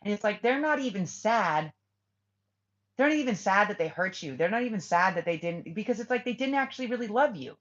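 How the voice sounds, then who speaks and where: A woman's voice: mid-range voice, expressive, fairly quick. A woman giving a casual spiritual reading to her viewers, blunt and swearing freely as she acts out what people say. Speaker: tarot reader. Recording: lo-fi muffled audio.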